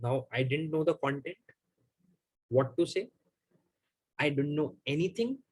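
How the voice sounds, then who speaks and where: A man, hosting a live Q&A and telling a personal story to his audience in an animated, emphatic, repetitive way. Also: on the high side, measured pace. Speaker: host of a live Q&A.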